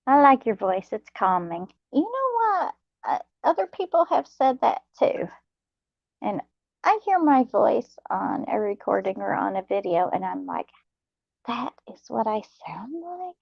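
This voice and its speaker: A young adult woman, hosting a late-night live chat, talking softly and laughing often. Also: mid-range voice, big pitch swings, vocal fry, no echo, muffled recording. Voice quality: soft, slow, laughs often. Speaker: channel host reading live chat.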